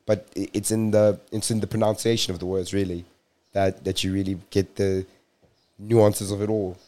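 A young South African man with a somewhat low voice co-hosts a casual podcast. He speaks in an easygoing, unhurried way and now and then pauses for a thoughtful aside. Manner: relaxed, laid-back, thoughtful asides. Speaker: podcast co-host. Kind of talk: casual chat.

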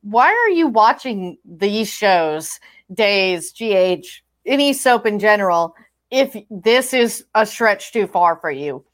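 A woman's voice: medium pitch, big pitch swings, slow pace. A woman co-hosting a podcast, chatting casually and with strong opinions about soap operas. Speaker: podcast co-host.

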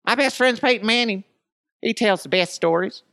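A man doing a giddy, high-voiced name-dropping sportscaster. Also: normal speed, creaky, a bit bright, no room sound, clean studio sound. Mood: gushing. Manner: gushing, high-pitched bragging.

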